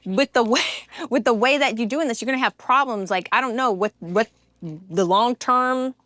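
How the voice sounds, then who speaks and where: An animated woman in her forties tells stories on a podcast, her voice sitting a little high and jumping into shrill mimicry now and then. The sound is close and dry, with no room around it. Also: normal speed, no room sound. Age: 40s. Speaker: guest, host's wife. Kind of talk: casual podcast chat.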